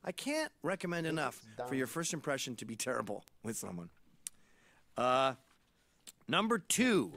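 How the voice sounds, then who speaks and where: A Canadian man in his late forties tells irreverent comic stories in a podcast monologue. His mid-range voice moves at a moderate pace with frequent pauses, and his storytelling is animated.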